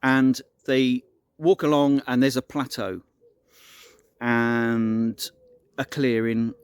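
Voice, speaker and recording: A man spinning an improvised tale out loud, casual and rambling, often circling back to restart a sentence. His voice sits at an ordinary middle pitch. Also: flat delivery, takes it slowly, clean tone, no room sound. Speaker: storyteller. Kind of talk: improvised spoken storytelling.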